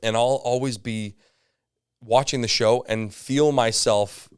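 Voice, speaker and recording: A man, a comedian guest telling stories in casual chat, animated and swearing freely. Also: mid-range voice, takes it slowly, smooth, dry recording, clean studio sound. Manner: animated, swears freely, acts out others mid-story.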